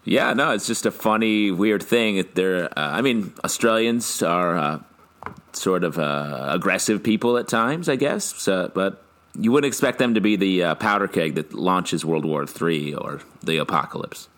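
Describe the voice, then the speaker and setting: A man co-hosting a podcast, talking in a halting way with many fillers. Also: low voice, a bit bright. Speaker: podcast co-host. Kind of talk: casual podcast chat.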